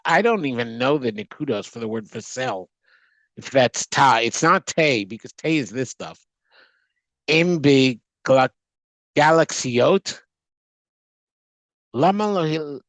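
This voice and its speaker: A man teaching a text study class, reading aloud and translating line by line, often halting and restarting words as he goes. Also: medium pitch, a bit bright, dry recording, poor audio. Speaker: Torah teacher.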